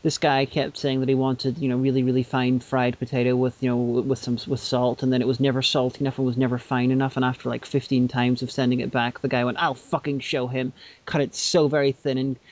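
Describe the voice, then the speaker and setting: A man from the United Kingdom chats on a podcast, halting and restarting his sentences, with casual swearing. His voice sits in a middle pitch. The sound is dull and lo-fi. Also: little pitch movement, a little mellow. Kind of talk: casual chat.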